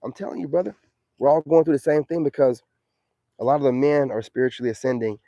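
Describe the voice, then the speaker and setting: A man's voice: medium pitch, fast, vocal fry, dark tone, no echo, dull audio. A man hosting a live stream, talking in a slangy, preachy, emphatic way in a casual monologue.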